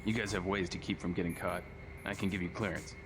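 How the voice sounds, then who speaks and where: A man's voice: sits low, steady tone, quick pace, slight background noise. An actor playing a paranoid, resentful male office technician in a video game. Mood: bitter. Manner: resentful, fatalistic. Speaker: game character. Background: game music.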